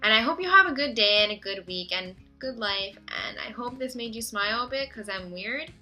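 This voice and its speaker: A teenage girl telling a story in a casual vlog, gushing and excitable and talking fast. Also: a little high, soft background music, rough recording. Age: teens. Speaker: vlogger.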